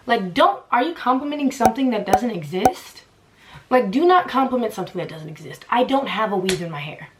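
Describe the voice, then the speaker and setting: A woman's voice: on the high side, lively intonation, a little fast, slight background noise. A young woman telling a casual storytime vlog with sarcastic asides, acting out the people she quotes. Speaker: vlogger.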